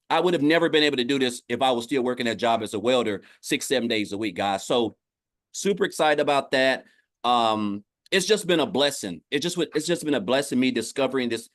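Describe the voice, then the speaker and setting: A man from Tennessee appears as a guest on an online business livestream via video call, giving an upbeat, casual testimonial. He keeps saying "guys" and often restarts his phrases. His medium-pitched voice is a bit bright, in clean studio sound with no room sound.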